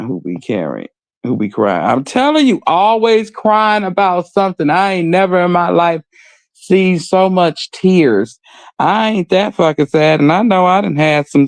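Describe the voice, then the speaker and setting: A man's voice: on the high side, gravelly, no room sound. A man co-hosting a casual gossip stream, blunt and joking, reading viewer comments and talking in street slang. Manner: reads viewer comments aloud. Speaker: podcast co-host.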